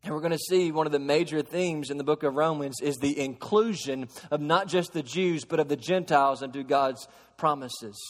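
High-voiced preacher in an echoing hall. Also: male voice, moderate pace. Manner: swings from hushed storytelling to raised, emphatic preaching. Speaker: pastor. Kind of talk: sermon. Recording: long hall reverb.

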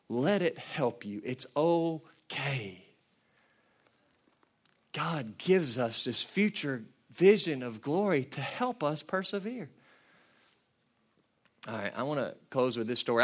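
A man preaching a passionate sermon, building from quiet reflection to shouted peaks. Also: medium pitch. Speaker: pastor.

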